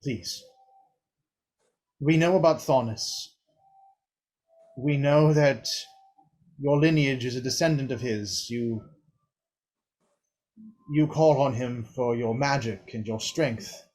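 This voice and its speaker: An earnest adventurer with dragon blood, as a man plays the part, asks gently and slowly. The husky voice stays measured and sincere. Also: medium pitch.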